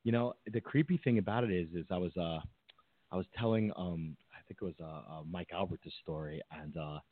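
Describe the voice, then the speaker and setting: Speaking a little fast in a low register, a man co-hosting a podcast wanders through a story, full of fillers and false starts. It's casual chat over a tinny, phone-like line with a dry recording.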